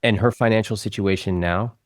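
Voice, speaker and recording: Man, low voice, calm probing interviewer, dry close mic. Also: brisk, no echo. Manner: calm, probing questions, quotes others' words back. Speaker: host, financial advisor.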